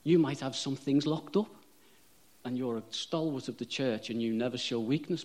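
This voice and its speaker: A man's voice: medium pitch, moderate pace, a little mellow. A man preaching a sermon, chatty and self-deprecating, rising to fervent emphasis on repeated phrases.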